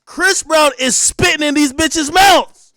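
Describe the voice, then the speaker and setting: A young man rants with excitable, profane energy, often laughing and breaking into loud bursts. His voice sits high for a man. The recording is close and dry, with no room sound. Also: slow pace, dry recording. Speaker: streamer and commentator. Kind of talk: casual rant.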